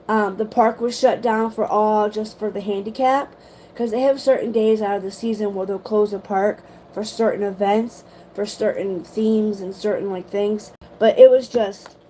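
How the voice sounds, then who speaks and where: A young woman, telling a story to her livestream viewers in an animated way, swearing casually and saying "like" a lot. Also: a little high, slight background noise, low-quality recording. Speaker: livestream host.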